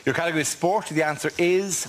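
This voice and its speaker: A man hosting a comedy panel show in a TV studio, briskly announcing rounds and contestants. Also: on the high side. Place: TV studio with audience. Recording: studio audience crowd and noise.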